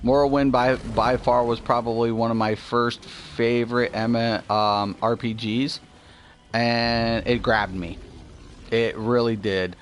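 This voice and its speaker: A middle-aged man hosting a gaming video, chatting casually about games as he plays, rambling and swearing a lot with animated asides. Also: mid-range voice, slow, slight background noise. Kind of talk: casual gameplay commentary.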